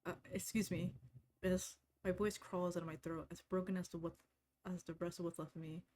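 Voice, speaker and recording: A woman reading the lines of a gentle, confused ghost in a game, speaking softly and hesitantly. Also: on the low side, level tone, a little fast, a little hiss or hum, lightly acted. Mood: anxious. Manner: soft, hesitant, apologetic. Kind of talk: reading game dialogue aloud.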